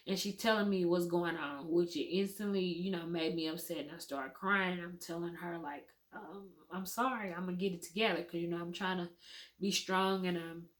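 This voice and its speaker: Candid woman with a bright, forceful voice. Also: fairly low pitch. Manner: emotional, candid, swears freely, addresses viewers as y'all. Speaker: vlogger telling her birth story. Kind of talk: casual storytime.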